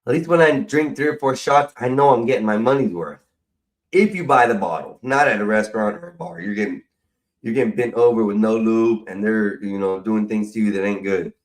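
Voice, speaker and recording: A man's voice: fairly low pitch, fairly quick, far from the mic. Middle-aged man, profane slangy livestream host, loose rambling talk.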